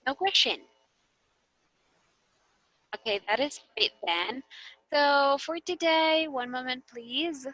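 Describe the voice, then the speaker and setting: Slow, bright-voiced young woman teacher. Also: sits high, lively intonation, no echo, lo-fi sound. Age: young adult. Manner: patient, checks understanding often. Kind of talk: teaching demo lesson.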